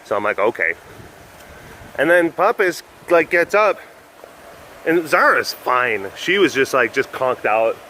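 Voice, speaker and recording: A man's voice: medium pitch, very animated, a little slow, long pauses, bright, forceful tone, slight background noise. Young male vlogger, casual and rambling, mid-range voice, outdoors by the animal pens. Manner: chatty, often acts out other voices, laughs a lot. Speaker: big cat sanctuary vlogger. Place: outdoors at a big cat enclosure.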